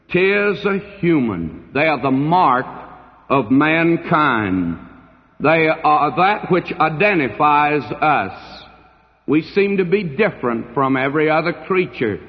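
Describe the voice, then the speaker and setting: A man preaching a sermon as a pastor, slow and deliberate, with dramatic pauses between phrases. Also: on the high side. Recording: dull old recording in a hall.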